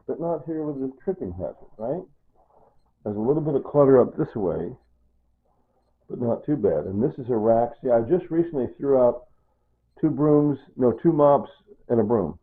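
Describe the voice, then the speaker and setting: A man's voice: medium pitch, slightly rough. An older man giving a casual, rambling tour of his small home, pointing things out and checking in with "see" and "right?". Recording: tinny phone-like audio.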